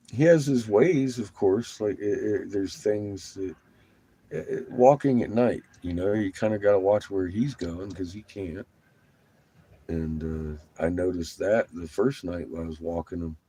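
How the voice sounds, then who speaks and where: A man's voice: low voice, warm tone, husky, poor audio. A laid-back man vlogging from the road, who chats casually, swears freely and often laughs. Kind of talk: casual chat.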